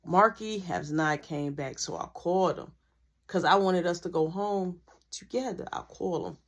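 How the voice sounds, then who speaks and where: A woman telling a school story in a slangy, animated storytime style, acting out the dialogue. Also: lowish voice, measured pace. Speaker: vlogger. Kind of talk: storytime narration.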